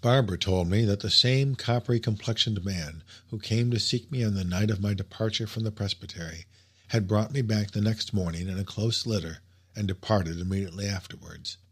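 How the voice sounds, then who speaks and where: A man narrating a classic story in a measured, expressive literary reading. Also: lowish voice, slightly rough. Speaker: audiobook narrator. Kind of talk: scripted narration.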